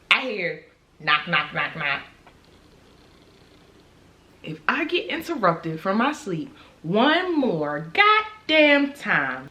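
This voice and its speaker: Animated, profane young woman telling a story. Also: mid-range voice. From Baltimore, USA. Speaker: YouTuber. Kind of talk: storytime vlog.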